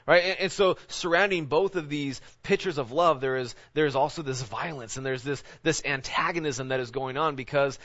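A man's voice: on the high side, a bit bright. A man, a pastor, giving an informal, conversational sermon, often checking in with his listeners by asking "right?". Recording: dull lo-fi recording.

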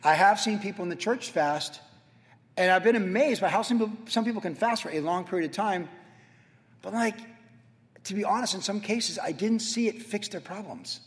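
A man preaching a sermon as pastor, telling stories with animated, acted-out moments. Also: high-pitched, normal speed. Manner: animated storytelling, acts out his own past self. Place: church sanctuary. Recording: church hall with long reverb.

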